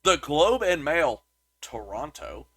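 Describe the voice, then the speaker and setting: A man's voice: fairly high pitch, very animated, slow pace, crowd noise. A man co-hosting a podcast, chatting casually about a movie and reading reviews aloud, with lots of restarts. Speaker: podcast co-host.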